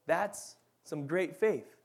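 A man teaching a Bible lesson in a casual, animated way, often checking in with his listeners. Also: fairly high pitch, takes it slowly, creaky. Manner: animated, acts out quoted voices, frequent "right?" and "okay?".

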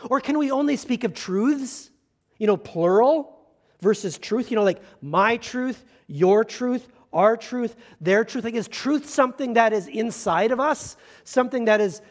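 A man, a pastor, giving a conversational sermon with self-deprecating humor and slow, emphatic stresses. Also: very high voice.

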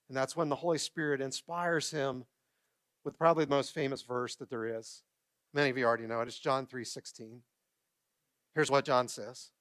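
A middle-aged man preaching a sermon from a church stage, telling stories in a lively way, acting out quotes and asking his congregation questions. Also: mid-range voice, fairly quick, pauses often. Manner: storytelling, animated, acts out quotes and asks the congregation questions. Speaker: pastor.

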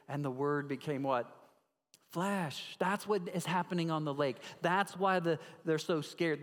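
Emphatic preacher man in a reverberant hall. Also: fairly high pitch. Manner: emphatic, swings from loud to hushed, asks the congregation questions. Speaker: pastor. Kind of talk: sermon. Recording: long reverb of a large hall.

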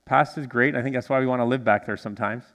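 A male pastor preaching a sermon in a church, animated and drawing responses from the congregation. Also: mid-range voice, quick pace, big-room sound. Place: church sanctuary.

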